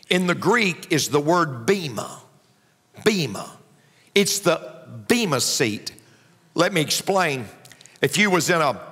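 A man's voice: on the high side, sharp tone. A man preaching a sermon as pastor, driving his points home with emphatic repetition. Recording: long hall reverb.

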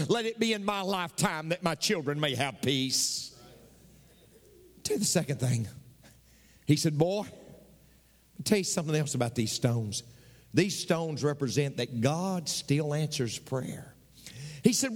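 A man preaching a sermon as pastor, swinging between sudden high bursts and slow, drawn-out lines. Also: a little mellow, breathy edge. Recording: long hall reverb.

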